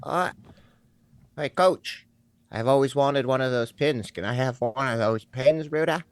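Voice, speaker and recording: A man's voice: medium pitch, measured pace, no room sound, close to an everyday voice. A man voicing a cocky young male football fan with a brash, crude, swaggering way of talking.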